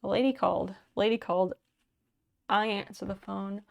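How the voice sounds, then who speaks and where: A woman's voice: medium pitch, steady tone, moderate pace, creaky. A woman streamer in casual live chat, thanking viewers by name, telling stories and swearing casually.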